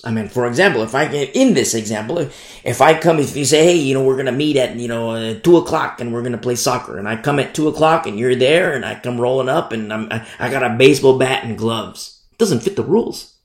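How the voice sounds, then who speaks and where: A man preaching a Bible sermon in a conversational way, repeating and restarting phrases and slowing down to stress key words. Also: mid-range voice, lively intonation, reverberant.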